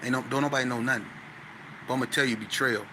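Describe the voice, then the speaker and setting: Guy telling a wild story, slangy and stuttery, pretty bright tone, faint hum behind. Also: medium pitch, fast talker, rough recording. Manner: animated, slang-heavy, stuttering restarts. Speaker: guest. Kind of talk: storytelling interview.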